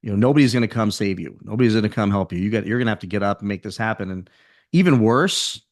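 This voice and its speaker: A man's voice: fairly low pitch, expressive, quick pace, no room sound, studio quality. A man speaking as a guest on a podcast, talking in an intense, driving pep-talk way as a motivational speaker. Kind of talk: podcast interview.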